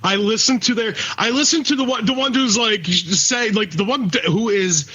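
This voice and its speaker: A man's voice: sits high, normal speed, pushed and bright, husky. A man co-hosting a casual podcast, talking in a blunt, profane rant. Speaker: podcast co-host. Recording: dull lo-fi recording.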